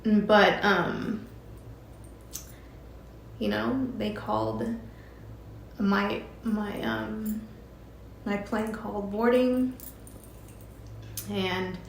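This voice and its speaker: A middle-aged woman telling a personal story, halting and emotional, with many fillers and restarts. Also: medium pitch, steady tone, vocal fry, roomy sound, slight background noise. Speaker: vlogger telling her story.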